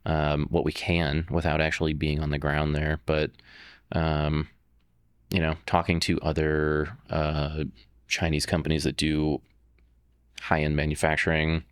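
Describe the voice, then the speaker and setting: A man's voice: rumbling low, completely flat delivery, a little slow, smooth, no room sound, studio quality. A man, a startup founder, talking as a guest in a casual interview, rambling with many fillers and restarts.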